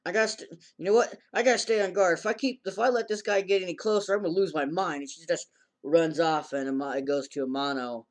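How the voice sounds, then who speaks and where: A man's voice: high voice, fairly even intonation, fast. A man casually recapping an anime episode in a rambling way, acting out the characters' lines in a raised voice. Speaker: anime reviewer.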